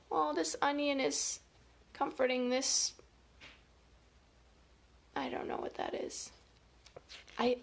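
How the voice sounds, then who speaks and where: A woman's voice: sits high, a little hiss or hum. A woman, a family educator, reading a picture book aloud to children in a playful, chatty way, with gasps and laughs along the way.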